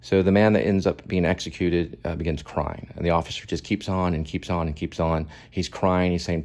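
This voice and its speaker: A man with a deep, low-pitched voice comments on a video as the host of his own show. He talks emphatically and preachily, circling back to repeat his key points. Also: fairly even intonation, brisk, few pauses, a little mellow. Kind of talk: impassioned commentary.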